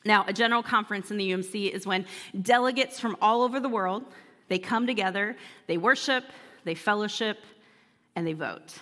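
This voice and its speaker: Lively woman preaching, bright voice. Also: mid-range voice, fairly quick, in a large hall. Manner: animated storyteller, laughs often. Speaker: pastor. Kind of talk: sermon with personal story.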